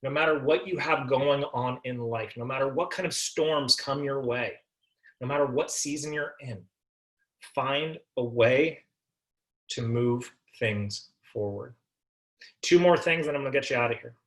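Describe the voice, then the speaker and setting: A man's voice: medium pitch, brisk, fairly bright tone. A man giving a motivational talk to a business team, emphatic and repeating his key phrases.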